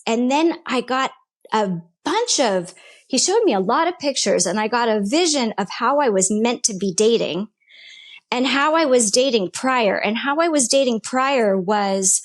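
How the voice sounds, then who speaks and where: A woman's voice: on the high side, lively intonation, measured pace. A woman guest giving an earnest, emphatic personal faith testimony in conversation, speaking in short repeated phrases. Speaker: podcast guest.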